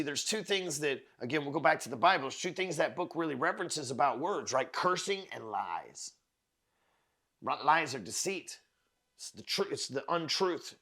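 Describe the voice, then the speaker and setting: On the high side and bright, his forceful voice carries a blunt, profanity-laced motivational monologue on the podcast he hosts. The man, an adult with four kids, returns to his points repeatedly, speaking emphatically and repeating words as he builds momentum.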